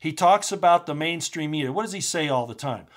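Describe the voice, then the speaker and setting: Male host, fairly high voice, heated monologue, firing off rhetorical questions. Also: lively intonation, brisk. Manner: starts low and subdued, grows loud and agitated, rhetorical questions. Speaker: commentary channel host. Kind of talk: impassioned political monologue.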